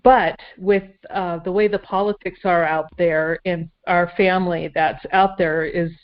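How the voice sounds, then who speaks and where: Woman from minnesota chatting, lowish voice, lots of ums, kinda muffled lo-fi audio. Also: fairly even intonation, unhurried, smooth. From Minnesota, USA. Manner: rambling, hesitant, many fillers. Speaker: guest. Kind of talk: casual conversation. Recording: dull lo-fi audio.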